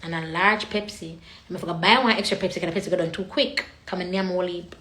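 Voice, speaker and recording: A woman's voice: fairly low pitch, steady tone, fast, a bit bright. A woman with a Jamaican accent hosting a casual livestream, chatting to her viewers and slipping in and out of patois, recorded on a phone in an echoey room. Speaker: livestream host.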